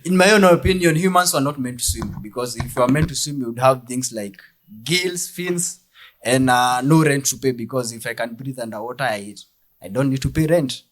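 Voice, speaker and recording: A young Kenyan man with a Kenyan accent performing a deadpan stand-up comedy set, mixing English and Swahili. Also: medium pitch, moderate pace.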